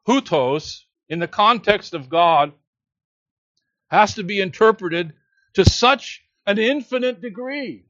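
A man preaching a sermon, earnest and measured, teaching a scripture passage with emphatic quotes. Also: sits high, fairly bright tone, no echo, dull audio.

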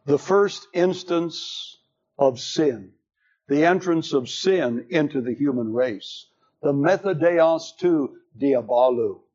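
Slow, emphatic preacher with a highish voice. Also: male voice, a little mellow. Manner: slow, emphatic delivery with dramatic pitch swings. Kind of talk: sermon. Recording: dull lo-fi sermon recording.

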